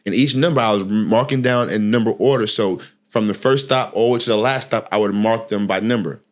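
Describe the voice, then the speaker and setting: Slangy animated storytelling man. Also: fairly low pitch, a little fast. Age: middle-aged. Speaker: podcast host. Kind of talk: casual storytelling chat.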